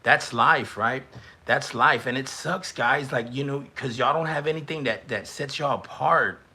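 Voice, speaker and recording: A young man hosting a live stream, teasing and reacting in a loose, excitable way. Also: medium pitch, unhurried, slightly rough. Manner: excitable, teasing, shouts and stretches words at big moments. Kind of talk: casual live-stream commentary.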